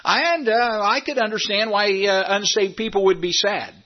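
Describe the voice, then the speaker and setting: A man preaching a sermon in a church, animated, repeating phrases and asking rhetorical questions. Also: high-pitched, normal speed, muffled recording. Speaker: pastor. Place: church sanctuary.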